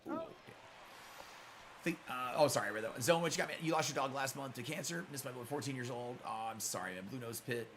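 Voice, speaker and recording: Crowd noise sits behind a middle-aged man talking fast in a mid-range voice as he plays on a live stream. Close to his mic, he chats with viewers, calling them brother, and answers trolls with blunt profanity.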